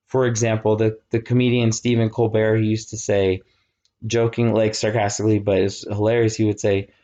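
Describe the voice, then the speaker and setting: A man in his thirties giving a casual, animated classroom lecture, often checking that students follow. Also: lowish voice. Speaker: college lecturer.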